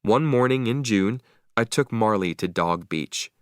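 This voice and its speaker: A man reading a story aloud slowly and clearly for English learners, with expressive delivery. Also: on the low side, no echo, clean studio sound. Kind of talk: slow read-aloud story narration.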